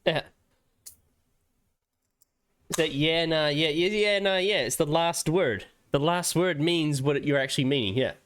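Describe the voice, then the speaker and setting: A man's voice: fairly high pitch, unhurried, pauses often, a bit bright, clean tone. An Australian man streaming casually, laid-back and giggly, swearing often. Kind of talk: casual livestream chat.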